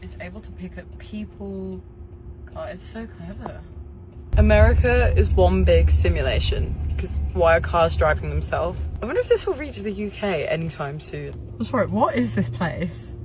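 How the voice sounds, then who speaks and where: A woman's voice: fairly low pitch, lively intonation, moderate pace, music in the background, poor audio. A woman filming herself inside a self-driving car, nervous and joking as she talks. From England. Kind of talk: casual vlog narration. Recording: phone in a moving car, road noise.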